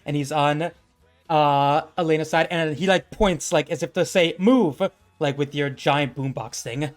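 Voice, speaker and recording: A man's voice: on the high side, fairly even intonation, moderate pace, faint music behind. A man running a tabletop game as game master, narrating a fight in rambling bursts full of fillers.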